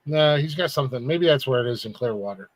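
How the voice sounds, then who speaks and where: A man's voice: medium pitch, expressive, fast. A man hosting a podcast in casual banter, teasing his co-host and laughing often.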